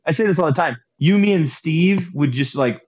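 A man's voice: fairly high pitch, expressive, normal speed, a little mellow, slightly rough. A man in casual podcast chat, rambling and hesitant, with many fillers. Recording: slightly dull lo-fi sound.

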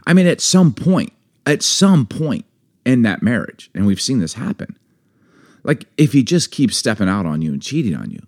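A man in his forties co-hosting a casual chat about a book, rambling and animated with lots of fillers. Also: medium pitch, normal speed. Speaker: podcast co-host.

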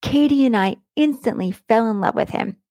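A woman's voice: on the high side, normal speed, warm tone, no echo, clean studio sound. A middle-aged woman hosting a podcast and telling a personal story in a chatty, blunt way, laughing often. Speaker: podcast host. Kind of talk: casual storytelling monologue.

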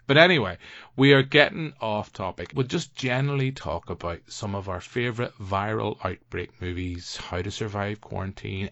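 Teasing Northern Irish podcast host. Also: male voice, low-pitched, creaky, a bit bright, dry recording. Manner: teasing banter, puts on voices for others. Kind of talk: casual chat. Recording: dry, muffled lo-fi audio.

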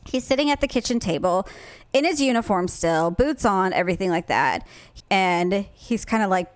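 A woman's voice: medium pitch, normal speed, no echo. A woman co-hosting a casual chat, telling stories and acting out her family's voices. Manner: animated storyteller, acts out voices of family. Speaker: podcast co-host.

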